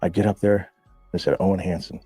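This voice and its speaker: Fast-talking man swearing through his stories. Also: deep voice, husky, dry recording, soft background music. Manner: profane, animated anecdotes with laughs. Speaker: guest. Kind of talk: casual storytelling.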